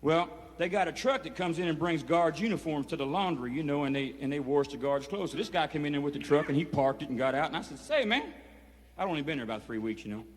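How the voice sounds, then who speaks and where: A man's voice: a little high, fast, few pauses. A man telling a rambling, profane story to a room of inmates, drawling and peppering every phrase with "you know", recorded for a 1970s film. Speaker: performer addressing inmates. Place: prison hall. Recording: reverberant hall, 1970s film sound.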